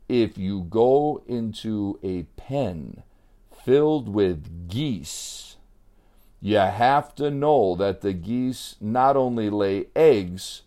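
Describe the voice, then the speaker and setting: A man telling a story to children in a playful, animated way, sometimes imitating animal sounds. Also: lowish voice.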